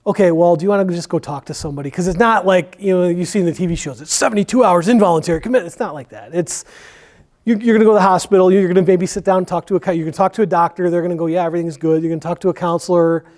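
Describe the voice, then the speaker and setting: A man's voice: high voice, very fast, darkish tone. A man who works as a firefighter, talking candidly about his job in a church Q&A, rambling with many fillers. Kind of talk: conversational Q&A in church.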